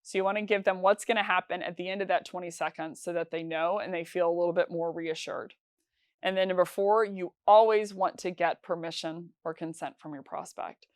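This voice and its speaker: Low, smooth-voiced woman sales trainer. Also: steady tone, fairly quick, no echo, studio quality. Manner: conversational, with frequent fillers and restarts. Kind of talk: instructional talk.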